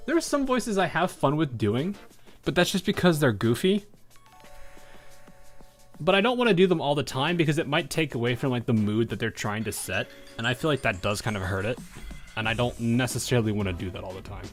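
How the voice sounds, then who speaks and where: A man's voice: mid-range voice, lively intonation, a little fast, soft background music. A man giving casual commentary on a game he is playing, rambling with restarts and laughing often. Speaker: game streamer.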